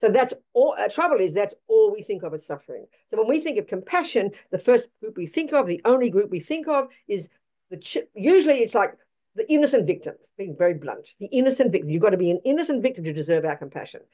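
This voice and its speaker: A woman gives a Buddhist teaching, her pitch swooping widely as she drives each point home. Her tone is mellow and dark, her manner blunt and emphatic, full of rhetorical questions. The recording sounds dull and lo-fi. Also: sing-song, fast.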